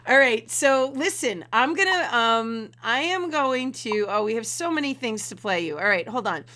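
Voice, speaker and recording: Casting: bright, slightly high woman, chatty livestream host, loose and giggly. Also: expressive, normal speed. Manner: chatty, giggly, fumbling with tech. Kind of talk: casual livestream chat.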